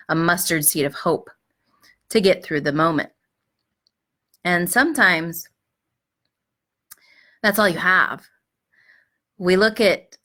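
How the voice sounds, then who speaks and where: A middle-aged woman hosting a live advice show, speaking gently and reflectively, with frequent fillers and restarts, clearing her throat now and then. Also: on the low side. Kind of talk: live-streamed advice talk.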